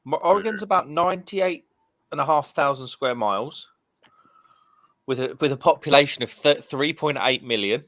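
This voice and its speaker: A man's voice: on the high side, normal speed, a bit bright. A man in casual chat, reading out facts and figures from his phone.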